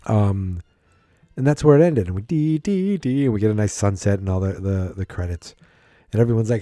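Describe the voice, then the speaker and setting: A man's voice: fairly low pitch, big pitch swings, fairly quick, warm tone, no room sound, studio quality. A man casually recapping a film on a podcast, acting out the characters' lines in mocking voices. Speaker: podcast host.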